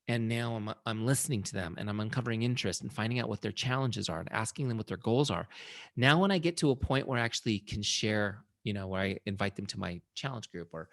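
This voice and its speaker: A middle-aged man with a low, gravelly voice teaches a webinar in a chatty, storytelling way. He is recorded close on a computer mic in a dry setting, and he keeps checking in with his listeners. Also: dry recording. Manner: chatty and warm, telling stories, often asks "right?". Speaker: webinar host and software founder.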